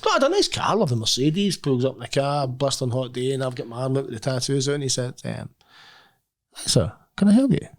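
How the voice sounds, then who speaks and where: A man's voice: mid-range voice, lively intonation, quick pace, few pauses. A middle-aged man co-hosting a golf podcast, telling jokey anecdotes in casual banter. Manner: chatty anecdotal storyteller, jokey. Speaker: podcast co-host.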